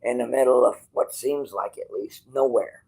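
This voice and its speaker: A man's voice: medium pitch, moderate pace, vocal fry, slightly rough, low-quality recording. Blunt, profane man talking from a hospital bed. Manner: swings from quiet musing to loud outbursts. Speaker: streamer. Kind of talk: rambling livestream talk.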